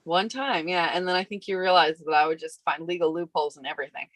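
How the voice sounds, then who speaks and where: A woman's voice: on the low side, fast talker, a bit bright, no room sound, rough recording. Wry teasing woman co-host, dry sound. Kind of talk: casual chat.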